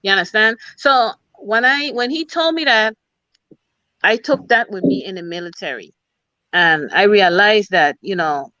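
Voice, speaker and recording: A middle-aged woman from the Virgin Islands tells her stories with emphasis, in a clear Virgin Islands accent. She speaks as a guest on a video call interview, and her voice sits at an ordinary pitch for a woman. The audio is dry and a little dull. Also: animated, a little slow, bright, forceful tone, no echo. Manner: emphatic, repeats "you know" and "you understand". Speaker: guest, military officer. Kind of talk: casual interview storytelling.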